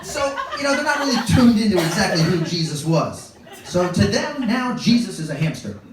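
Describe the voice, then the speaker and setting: A man doing stand-up comedy, telling a family story in an animated way and jumping into high voices for his kids. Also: normal speed, loud music behind the voice. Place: comedy club stage with a laughing audience. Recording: echoey live room, distant mic, background noise.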